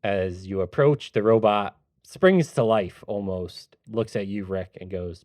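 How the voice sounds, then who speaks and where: A man sets the scene as game master in a measured, descriptive voice. His pitch is on the low side. The sound is dry and close, with no room echo. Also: a little mellow. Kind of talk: narrating a tabletop game.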